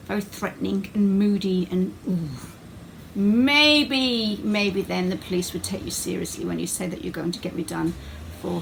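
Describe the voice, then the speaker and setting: A woman's voice: mid-range voice, gravelly, a little hiss or hum, poor audio. A woman talking in a sarcastic, mocking way as she answers her critics in a casual video.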